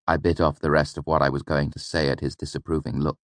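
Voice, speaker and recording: A man narrating a first-person audiobook in a low, deep voice. His reading is measured and steady, recorded close in a dry space. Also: dry recording.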